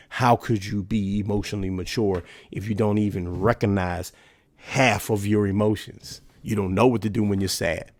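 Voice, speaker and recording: A man's voice: on the low side, a little mellow, no room sound, studio quality. A man in his thirties hosting a solo podcast, talking casually and emphatically and asking rhetorical questions. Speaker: podcast host.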